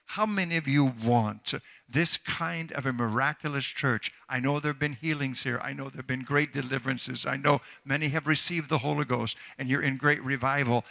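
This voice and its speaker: A man's voice: medium pitch, fairly even intonation, normal speed, gravelly, pushed and bright. An older male preacher telling a healing testimony in a church sermon, building into fervent exhortation to the congregation. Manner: storytelling, then rising into fervent exhortation. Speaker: traveling preacher.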